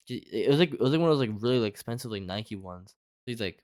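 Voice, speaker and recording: Fast rambling young man, dry sound. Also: on the low side, lively intonation, darkish tone, dry recording. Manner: rambling, heavy filler "like", lots of swearing. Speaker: storyteller. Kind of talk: casual storytime chat.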